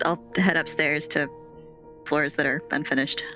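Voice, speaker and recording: A woman's voice: sits low, steady tone, moderate pace, bright, forceful tone, soft background music. A woman playing a tabletop horror game, blunt and casual. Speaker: player.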